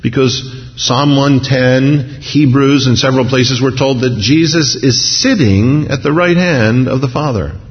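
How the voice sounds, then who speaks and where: A man preaching a sermon, telling the story in a lively way and acting out what people in it say. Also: mid-range voice, a little slow, few pauses. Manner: animated storytelling, acting out crowd voices. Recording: dull sound in a large reverberant hall.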